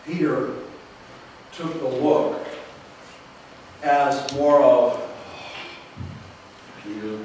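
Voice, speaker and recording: A man preaching a sermon in a church, unhurried, with dramatic pauses and rhetorical questions. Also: high-pitched, lively intonation, a little hiss or hum. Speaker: pastor. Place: church sanctuary. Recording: echoey hall from far off.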